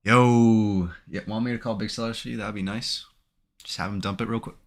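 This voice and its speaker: A man with a somewhat low voice talks through his trades live as he makes them. His commentary is anxious and emotional, and he keeps talking to himself. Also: fairly even intonation, fast talker, creaky, fairly bright tone. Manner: anxious, emotional self-talk. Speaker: day trader streaming his trading.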